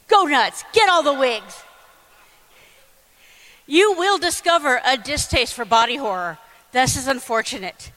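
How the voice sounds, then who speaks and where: A woman giving a fast, comic lightning talk on stage, blunt and irreverent. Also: high voice, expressive, a bit bright. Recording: reverberant hall over a PA.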